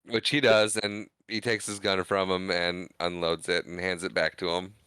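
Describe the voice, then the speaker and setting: Bright, clear-voiced man recapping a movie. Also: low-pitched, little pitch movement, normal speed, no echo. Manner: retells scenes, acting out characters' lines. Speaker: podcast co-host. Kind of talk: casual movie recap chat.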